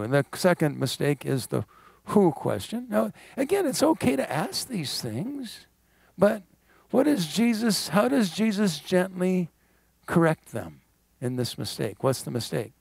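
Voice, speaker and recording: A man preaching with a high, gravelly voice that keeps breaking into laughter. He is middle-aged, animated and wry, and the sound is close and dry. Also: unhurried, no echo. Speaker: guest pastor. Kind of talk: sermon. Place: church sanctuary.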